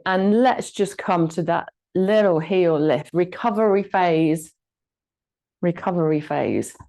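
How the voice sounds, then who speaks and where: A woman instructor guiding a gentle exercise class, giving encouraging cues and short counted commands. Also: fairly low pitch, low-quality recording. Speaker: fitness instructor.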